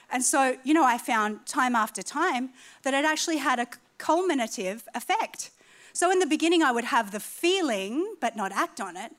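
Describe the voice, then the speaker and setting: A middle-aged woman with an Australian accent delivers a sermon. Her voice sits high and she preaches emphatically, pushing her key points upward with animated energy. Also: normal speed. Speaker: pastor.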